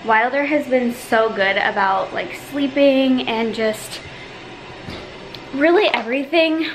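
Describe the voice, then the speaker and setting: A young woman chats to her handheld camera at home, her voice a little higher than most. She rambles easily through a family vlog with plenty of likes and fillers, and a faint hum of the room sits underneath her. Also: rough recording. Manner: chatty, filler-heavy, drops to a hushed murmur at times. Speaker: vlogger. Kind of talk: casual family vlog chat. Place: home, indoors.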